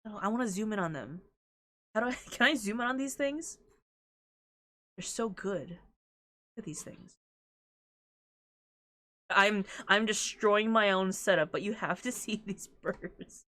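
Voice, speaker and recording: A woman streamer chatting casually and excitedly while playing through a game, with giggly asides. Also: mid-range voice, normal speed.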